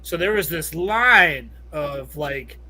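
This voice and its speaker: A middle-aged man from Southern California spins a long story on a podcast. His voice sits a bit high and sounds bright and edgy, and he swears almost every other word as he rambles along. He laughs easily as he goes. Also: lively intonation, takes it slowly. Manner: profane, rambling, laughs often. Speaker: podcast guest. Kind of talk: casual storytelling.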